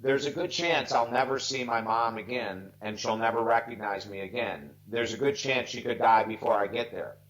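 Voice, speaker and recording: A man's voice: medium pitch, normal speed, hardly any pauses, fairly bright tone, poor audio. A man in his sixties, a life coach, telling stories earnestly and emotionally, near tears, on a video call. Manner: earnest, heartfelt, emphatic. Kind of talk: earnest storytelling interview.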